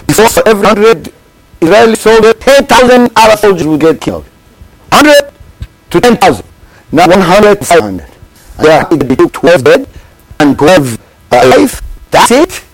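Impassioned man preaching, lively pitch. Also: normal speed, no room sound, low-quality recording. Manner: emphatic, repetitive, swings between loud and hushed. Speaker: religious teacher. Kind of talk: impassioned sermon.

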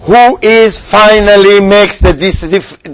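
Man, high voice, religious teacher asking questions in a spiritual lesson. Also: fairly even intonation, slow pace, clear, resonant tone. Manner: questioning, acts out figures in quoted voices.

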